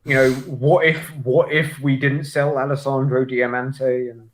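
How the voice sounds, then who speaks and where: A man co-hosting a football watchalong. He talks in an animated, sweary way and repeats words as he starts his sentences. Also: mid-range voice, a little slow. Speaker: fan co-host of a match watchalong. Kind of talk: casual football chat.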